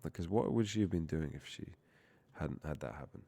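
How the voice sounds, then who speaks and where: A man's voice: extremely low pitch, expressive, brisk, creaky, mellow, dry recording. A young man streaming while coding, rambling and profane, often cutting himself off mid-word. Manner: rambling, profane, self-interrupting. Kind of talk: casual live-stream chat while coding.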